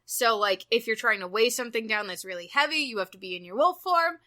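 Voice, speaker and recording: A young woman co-hosting a casual podcast chat, gushing and squealing with excitement, swearing freely. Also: on the high side, fast talker. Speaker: podcast co-host.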